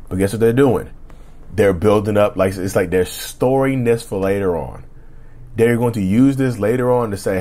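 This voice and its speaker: Rambling male podcast host with a rough throat. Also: mid-range voice, normal speed, mellow. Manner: rambling and repetitive, often asking "right?" and addressing listeners as "y'all". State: throat a bit rough, clears it often. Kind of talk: casual solo podcast talk.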